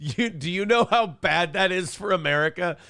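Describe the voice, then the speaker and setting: Male morning show host, rough gravelly tone, profane and animated, dry studio sound. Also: high voice, normal speed, no room sound. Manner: profane, animated, mimics others in loud bursts. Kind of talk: casual podcast commentary.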